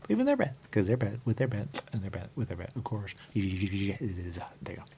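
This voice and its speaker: A man hosting a radio show, talking in a rambling monologue that keeps repeating the same catchphrases and jumps suddenly up in pitch. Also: sing-song, moderate pace, vocal fry, mellow, slight background noise.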